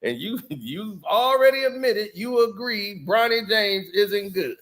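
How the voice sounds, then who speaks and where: A man's voice: sits high, animated, unhurried, fairly bright tone. A man guesting on a casual podcast, telling stories animatedly with slang and frequent laughter. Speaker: guest, former basketball player.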